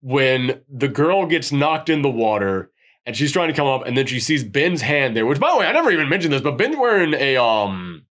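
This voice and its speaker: A man chatting casually about a horror film, rambling and animated, now and then acting out lines in a gruff voice. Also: medium pitch, a little fast. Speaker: podcast host. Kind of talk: casual movie review chat.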